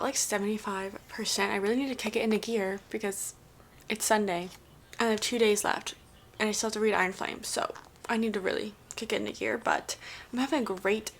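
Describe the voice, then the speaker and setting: A chatty woman book vlogger who talks in a gushing, rambling way, filling her sentences with fillers as she thinks aloud. Her voice sits at an ordinary middle pitch, and faint noise hums behind her. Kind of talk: casual chat.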